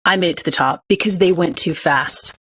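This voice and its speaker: Lower-voiced woman telling a story. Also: a little fast, a bit bright, breathy edge. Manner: earnest, storytelling, upbeat. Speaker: podcast guest, author. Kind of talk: conversational interview.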